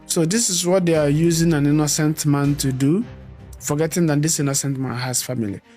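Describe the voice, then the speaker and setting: A man with a Nigerian accent talks quickly and animatedly, pressing his points in a casual debate. His voice sits a bit high. Faint music plays underneath. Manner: animated, argumentative, fast-talking. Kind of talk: casual political discussion.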